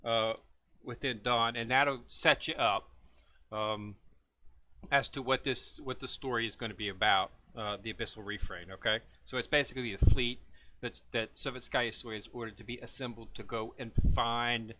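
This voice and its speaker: A man with a bright, forward voice walks viewers through a game's new event in a casual, unscripted way. He rambles and fills pauses with lots of "uh" and "um," tripping over hard names. His pitch sits right in the middle for a man. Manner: relaxed, rambling, lots of filler words; stumbles over foreign names. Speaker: gaming video host. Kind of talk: casual game walkthrough.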